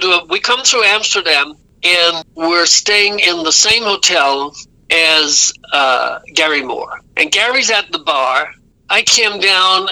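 A man's voice: a little high, bright, forceful tone, no room sound, low-quality recording. A man telling rambling, self-correcting stories as an interview guest. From Ireland. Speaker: guest musician. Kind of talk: casual storytelling interview.

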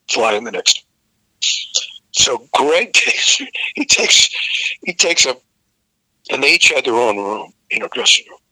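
Older male singer guest, very bright cutting voice, dry close sound, salty storyteller. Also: medium pitch, no echo, low-quality recording. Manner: profane, vivid storyteller who acts out the people in his story. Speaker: guest vocalist. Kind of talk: storytelling in a casual interview.

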